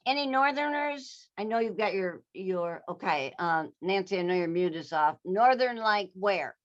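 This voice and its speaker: A woman from Wisconsin giving a storytelling keynote talk, animated and often addressing her audience. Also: mid-range voice, normal speed, highs cut off. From Wisconsin, United States. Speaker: keynote speaker.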